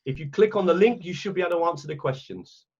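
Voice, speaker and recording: An English man gives a teacher training webinar over a video call. His voice sits high for a man and sounds a little husky, and the call audio is dull and lo-fi. He chats along and corrects himself as he clicks through his screen. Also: expressive, fast, a little mellow. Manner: chatty, self-correcting, talks while clicking around. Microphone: computer mic on a video call.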